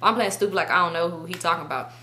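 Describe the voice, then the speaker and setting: A young woman telling a casual storytime to her viewers, animated and profane. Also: lowish voice, rapid-fire, a little hiss or hum. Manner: animated, profane, acts out quotes. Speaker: storytime vlogger.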